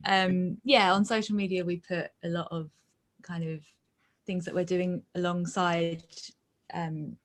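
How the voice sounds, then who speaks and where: A woman with a fairly low voice speaks over a video call. She is easygoing and a little hesitant, filling pauses with ums and soft agreeing murmurs. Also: little pitch movement. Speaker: band member, guest. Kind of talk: casual interview chat.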